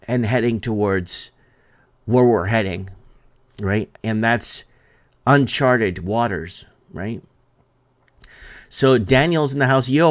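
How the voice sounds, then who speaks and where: A man hosting a live-stream talk show. He rambles, reads out viewer comments and hammers his points home by repeating them. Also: mid-range voice. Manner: repetitive and emphatic, drives points home by restating them.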